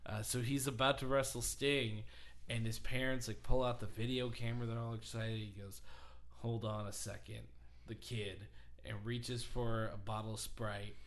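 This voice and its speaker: Bright-voiced animated podcast host, a man. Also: mid-range voice, normal speed. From St. Louis, USA. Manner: animated storyteller, acts out quoted lines, laughs often. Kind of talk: casual comedic chat.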